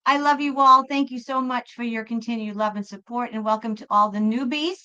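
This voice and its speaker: A tarot reader hosts a casual live stream, chatting in a rambling way and often breaking off to restart her sentences. Her voice is a little high, bright, smooth and forceful, and she speaks fairly quickly on a muffled recording.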